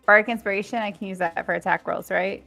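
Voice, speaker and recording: A woman's voice: mid-range voice, fairly even intonation, fast, creaky, sharp tone, soft background music. A woman playing in a tabletop game, declaring her attacks with hesitant fillers. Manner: hesitant, full of fillers while declaring actions. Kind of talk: casual game chat.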